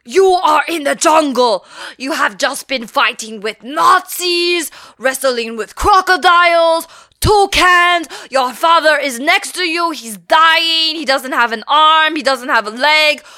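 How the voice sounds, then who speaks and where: A woman voicing a furious little male director who yells overblown hype at an audience through a megaphone. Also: high voice, slow, no room sound, clean studio sound, pitched above the performer's own voice, full character voice. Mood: frenzied.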